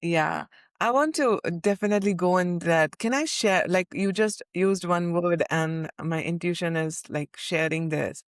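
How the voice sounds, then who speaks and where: A woman's voice: fairly low pitch, measured pace, dry recording, clean studio sound. A woman guest sharing mindfulness practices in an earnest, reflective way, often restarting her phrases. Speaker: podcast guest, mindfulness coach. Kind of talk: interview conversation.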